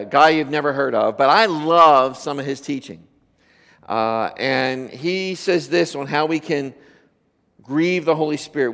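A man's voice: on the high side, creaky, fairly bright tone. A man in his fifties preaching a sermon in a church, conversational and joking, firing rhetorical questions at the congregation. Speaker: pastor. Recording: long reverb of a church hall.

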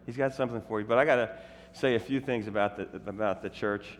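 A middle-aged male preacher telling funny stories in a sermon, animated and self-interrupting, often laughing at his own stories. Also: on the low side, fast talker. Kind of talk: humorous sermon storytelling. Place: church sanctuary. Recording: long hall reverb in a church.

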